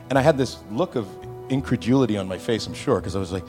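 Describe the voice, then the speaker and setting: A man telling an anecdote to an audience in a hall, animated and acting out the other people's voices. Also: mid-range voice, very fast, soft background music. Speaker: actor telling a set anecdote. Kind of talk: onstage storytelling. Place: stage before an audience in a hall.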